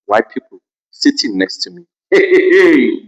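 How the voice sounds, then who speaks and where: A man with a South African accent, hosting a podcast and telling a story in a casual, expressive way. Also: a little high, normal speed, vocal fry, lo-fi sound. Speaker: podcast host.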